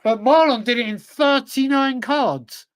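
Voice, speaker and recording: Male co-host, high-pitched, dry close mic, English, swears, talks to himself mid-quiz. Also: a little slow, smooth, no room sound. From England. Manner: swears freely, blurts answers, talks to himself. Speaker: podcast co-host. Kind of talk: casual chat while playing a football quiz.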